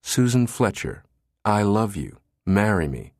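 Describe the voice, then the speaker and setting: Audiobook role: a man playing a wry, affectionate professor, deep voice, close and dry. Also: big pitch swings, unhurried, no room sound. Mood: earnest. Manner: wry, gentle. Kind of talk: audiobook character reading.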